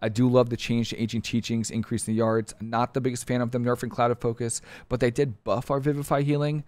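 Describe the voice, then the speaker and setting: A man chats through game update notes in a casual, opinionated ramble, stopping and restarting his sentences. His voice sits at an ordinary middle pitch. The recording is dry, with no room sound. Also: a little mellow, no echo. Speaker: streamer reviewing game patch notes. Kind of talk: casual commentary.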